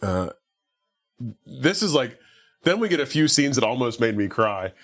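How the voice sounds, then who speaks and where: This man's medium-pitched voice is sing-song, a bit bright, and a little slow, with faint music playing behind him. As a podcast co-host, he loosely retells a film, filling his rambling with "like" and performing the characters' quotes.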